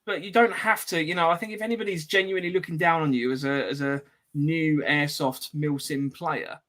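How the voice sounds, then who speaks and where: A man co-hosting a podcast, speaking in a measured, slightly hesitant way in casual chat. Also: fairly high pitch, fairly even intonation, fairly bright tone. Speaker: podcast co-host.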